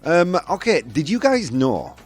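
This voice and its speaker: A man's voice: a little high, very animated, unhurried, husky, soft background music. A man with a Yorkshire accent hosting a casual show, chatting loosely with lots of fillers and laughs. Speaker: host. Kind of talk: casual live show chat.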